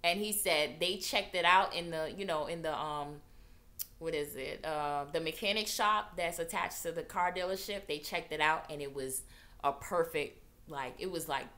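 Bright, animated woman vlogger; casual storytelling with lively acted-out quotes. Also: moderate pace. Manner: animated, acts out quotes with big pitch jumps.

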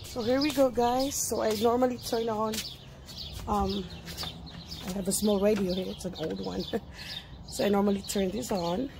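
A woman vlogging her morning on a phone in her backyard, chatting with pauses and fillers and cooing at her pet hens. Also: medium pitch, steady tone, gravelly, background noise. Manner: chatty, hesitant, talks sweetly to her hens. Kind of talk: casual vlog commentary. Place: home backyard, outdoors.

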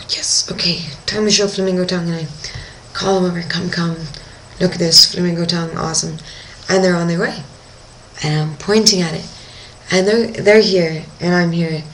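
Woman, young adult, dive instructor, casual video diary, animated storyteller, slightly low voice. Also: slight background noise, poor audio. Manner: animated storytelling, acting out her own reactions.

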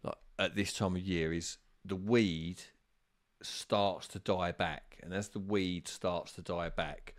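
A man's voice: low voice, steady tone, takes it slowly, no echo, clean studio sound. A man on a live stream, answering viewers' carp fishing questions in a casual, rambling way with lots of ums and restarts.

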